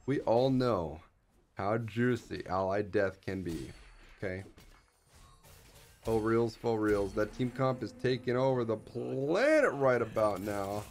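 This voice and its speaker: A young man streaming a strategy game, chatting casually in slang and getting hyped, with squealing jumps when excited. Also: fairly low pitch, slow pace. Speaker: gaming streamer. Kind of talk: casual gameplay commentary.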